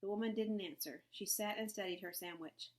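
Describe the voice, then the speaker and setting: A woman's voice: mid-range voice, brisk, a little mellow, poor audio. Woman narrating a storybook. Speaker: audiobook narrator. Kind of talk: scripted narration.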